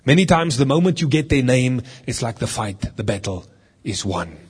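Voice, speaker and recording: Here a middle-aged deliverance minister speaks with a medium-pitched, sing-song voice at normal speed, with a breathy edge. His teaching sermon is earnest yet conversational, and he reads from scripture as he goes.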